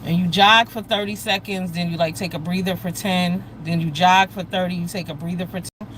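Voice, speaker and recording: An American woman runs a casual livestream, speaking directly to her viewers in a fairly quick, lowish voice. She gossips bluntly and profanely at a lively pace, with a faint hum of traffic in the background.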